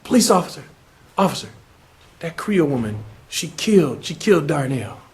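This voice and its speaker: A man's voice: on the high side, very animated, normal speed, a little mellow. Frightened pleading neighbors, voiced by a man, stammering and urgent.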